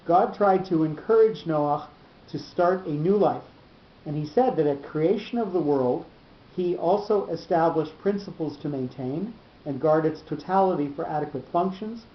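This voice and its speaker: A man teaching a Torah class, explaining slowly and often repeating words as he thinks. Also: on the high side, a little hiss or hum. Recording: dull echoey room recording.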